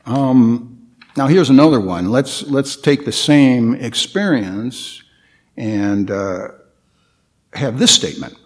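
A man giving a guest dharma talk at a Buddhist temple, speaking reflectively and haltingly, with frequent fillers and restarts, and putting questions to his listeners. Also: mid-range voice, animated. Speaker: guest meditation teacher.

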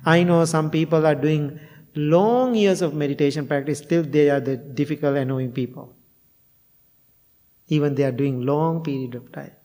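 In a long, reverberant hall, a Buddhist monk who teaches meditation delivers a dharma talk at normal speed. His voice sits a little high with a dark tone, and he tells stories in non-native phrasing, chuckling frequently.

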